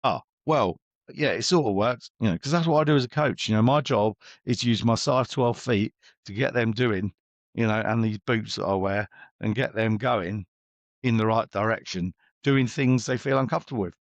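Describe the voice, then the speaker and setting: A man's voice: fairly low pitch, normal speed, no room sound. A middle-aged man, a business coach, talking bluntly and chattily as an interview guest and acting out his exchanges with clients.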